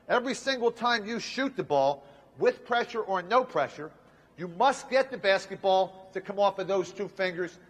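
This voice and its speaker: Man, basketball coach, emphatic short commands, high voice, long gym reverb. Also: a bit bright. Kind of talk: instructional demonstration. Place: indoor basketball court.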